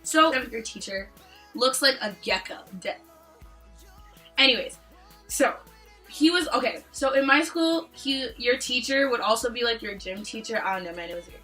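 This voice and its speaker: A woman's voice: a little high, moderate pace, faint music behind, rough recording. A young woman from Canada chatting casually in a storytime vlog, joking and acting out the people in her stories. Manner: animated, joking, acts out quoted lines. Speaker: vlogger.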